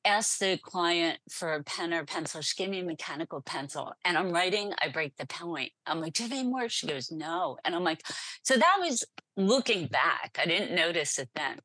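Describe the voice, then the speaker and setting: Low, husky woman telling her story. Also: normal speed, dry recording. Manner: animated, laughs often, acts out voices in anecdotes. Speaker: podcast guest. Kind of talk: storytelling in an interview.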